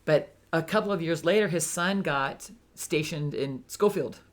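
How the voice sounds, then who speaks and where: A woman's voice: deep voice, moderate pace. An older woman, a retired firefighter, telling travel stories in a casual interview and acting out the voices of people she met. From Hawaii, United States. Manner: animated, acts out quoted voices. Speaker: interview guest. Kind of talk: casual storytelling.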